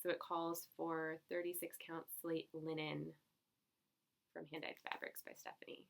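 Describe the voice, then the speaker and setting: In an unhurried, rambling chat, a young cross-stitch vlogger talks through her stitching finds. She speaks low with heavy vocal fry, slipping in giggles and filler words.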